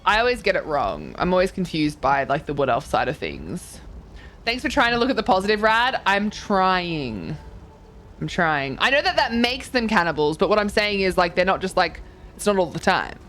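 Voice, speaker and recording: Bubbly woman streamer, lively pitch. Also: normal speed, faint music behind. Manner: bubbly, swears casually, reads chat aloud and reacts. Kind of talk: casual live-stream chat while touring game houses.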